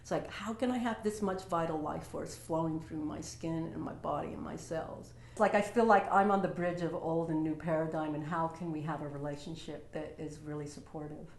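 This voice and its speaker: This woman from Utah speaks briskly with few pauses, her low, steady voice a little mellow. A vlogger at home, she shares a personal story casually and from the heart, rambling and using many fillers, and the recording has roomy echo.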